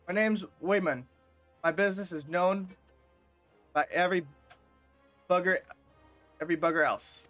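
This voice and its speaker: A man reading out a cocky, street-smart male informant's game lines, haltingly and with stumbles. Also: high voice, fairly bright tone, faint music behind. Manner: read aloud haltingly with stumbles. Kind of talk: reading game dialogue aloud.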